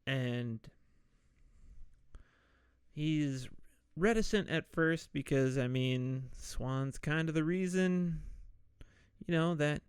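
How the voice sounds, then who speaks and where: A man hosting a podcast, casually retelling a movie's plot in a loose, rambling way and slipping into quick voices for the characters. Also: fairly high pitch, clear, resonant tone, no room sound, studio quality. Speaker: podcast host.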